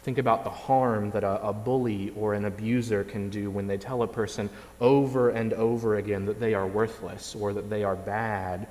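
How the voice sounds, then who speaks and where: A man from Indiana preaching a sermon, measured and reflective, with occasional fillers and repeated words. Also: lowish voice, steady tone, a little mellow. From Indiana, USA. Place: church sanctuary. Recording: long reverb of a large church.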